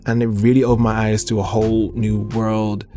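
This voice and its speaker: A man's voice: on the low side, level tone, normal speed, over music. Thoughtful man in his thirties. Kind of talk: reflective storytelling.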